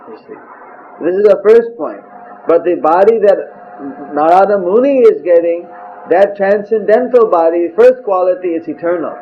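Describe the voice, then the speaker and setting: A man's voice: high-pitched, lo-fi sound, slight background noise. A man giving a scripture lecture, telling stories and often saying "you see". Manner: storytelling with acted quotes, frequent "you see". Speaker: spiritual teacher.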